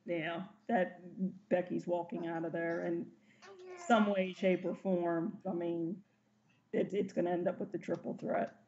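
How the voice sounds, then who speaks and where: A woman co-hosting a casual wrestling chat, relaxed and agreeable. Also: fairly low pitch, measured pace, slight background noise. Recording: dull lo-fi stream audio.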